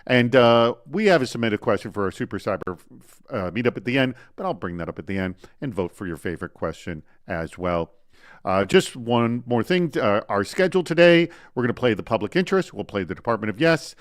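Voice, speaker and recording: Lively, chatty male show host. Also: mid-range voice, fairly quick, dry recording. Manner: energetic, chatty, runs through announcements. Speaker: host of a live online show. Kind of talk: upbeat live show hosting.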